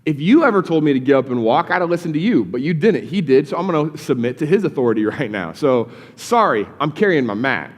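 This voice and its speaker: A man's voice: on the high side, very animated, fast talker, hardly any pauses. A male pastor briefly voicing a blunt healed man in a sermon, speaking offhand and matter-of-fact, in a reverberant hall. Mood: dismissive.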